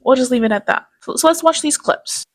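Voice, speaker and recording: A woman's voice: sits high, fairly quick, no echo. A woman giving casual commentary in a blunt, sarcastic way. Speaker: commentary YouTuber.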